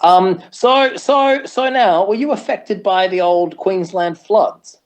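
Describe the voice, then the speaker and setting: A man chatting as a podcast guest, animated and laughing often, now and then jumping into a high shouted promo voice. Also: slow pace. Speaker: podcast guest, metal singer. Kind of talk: casual chat. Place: in Japan, remote call.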